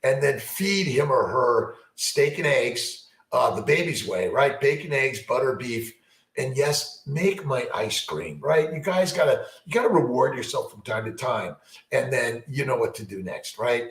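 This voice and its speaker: Through a rough, roomy recording, a man with a medium-pitched, expressive voice that's creaky and fairly bright fields viewer questions as a fertility doctor. His live chat moves at a moderate pace and is upbeat, motivational, and rambling, with frequent repetition, fillers, and restarts.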